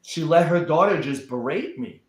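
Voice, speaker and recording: A man's voice: fairly high pitch, animated, moderate pace, reverberant. A man talking as a guest in a casual chat, emphatic and often repeating words as he builds up a point.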